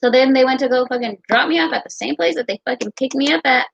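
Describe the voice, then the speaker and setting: A young American woman telling a personal story in a casual, profane, animated way. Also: high-pitched, quick pace, vocal fry, breathy edge, dry recording. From United States. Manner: profane, animated, quotes others in her own voice. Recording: dull lo-fi sound.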